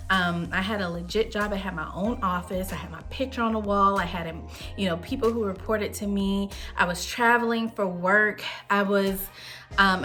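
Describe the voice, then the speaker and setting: A woman's voice: mid-range voice, bright, forceful tone. A woman in her thirties, host of a wine show, telling a personal story in a chatty, candid way. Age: 30s. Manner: chatty, candid, with frequent fillers.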